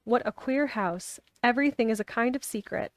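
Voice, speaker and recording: A woman's voice: on the high side, normal speed, no echo, lightly acted. A woman reading aloud, voicing a blunt, curious young girl who asks direct questions.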